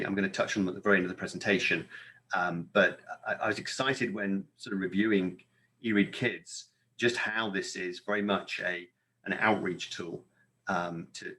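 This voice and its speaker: A man's voice: deep voice, pushed and bright. A man from the United Kingdom with a British accent, giving an upbeat, chatty conference presentation with frequent fillers. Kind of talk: webinar presentation.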